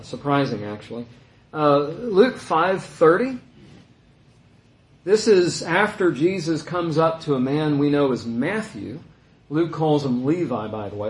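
Animated man teaching scripture. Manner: animated, voice rising high when quoting complainers. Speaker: Bible teacher. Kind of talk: conversational Bible teaching. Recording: roomy echo.

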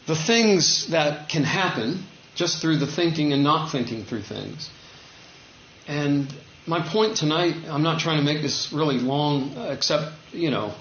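A man with a slightly high voice preaches a sermon in a relaxed, conversational way, and his pitch climbs when he acts out dialogue. The recording is muffled and roomy. A faint hum sits behind him. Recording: dull echoey room recording.

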